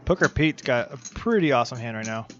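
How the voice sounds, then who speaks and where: A man's voice: mid-range voice, expressive, quick pace, dull audio, a little hiss or hum. A man casually commentating a live poker stream, playful and joking as he thanks viewers.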